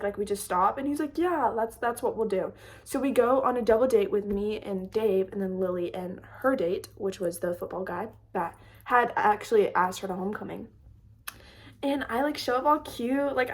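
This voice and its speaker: A young woman telling a storytime vlog story in a chatty, animated way, full of "like". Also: a little high. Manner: chatty, lots of "like", animated retelling. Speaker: storytime creator. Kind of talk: casual storytime chat.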